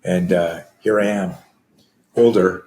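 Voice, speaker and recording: Slow-paced and low-voiced, with fairly even intonation and a darkish tone, a Canadian self-defense coach in his sixties tells stories as a guest. He acts out the scenes with screams and gasps. There's a roomy echo and slight background noise.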